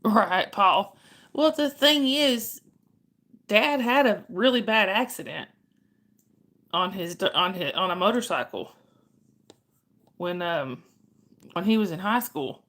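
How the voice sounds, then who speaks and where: Woman, middle-aged, fry in the voice, mid pitch, casual livestream chat with viewers. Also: lively intonation, slow pace, long pauses, a bit bright. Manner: chatty, greets viewers by name, answers chat questions. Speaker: livestream host chatting with viewers.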